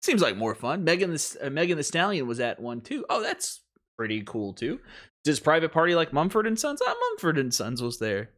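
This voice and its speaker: A man's voice: fairly high pitch, huge pitch swings, a little fast, fairly bright tone. A man hosting casual wrestling commentary, rambling, chuckling, and often cutting himself off mid-thought. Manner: rambling, chuckling, self-interrupting.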